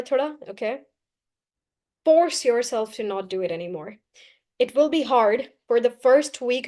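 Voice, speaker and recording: A woman's voice: fairly high pitch, dark tone. A young woman teaching English in a live online class, talking straight to her students, encouraging them and repeating her key points. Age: young adult.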